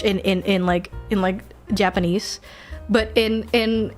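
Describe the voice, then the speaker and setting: Woman, streamer, casual chat, swears a lot, lively, fairly high voice. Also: a little slow, soft background music. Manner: animated, swears a lot, laughs often. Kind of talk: casual chat while drawing.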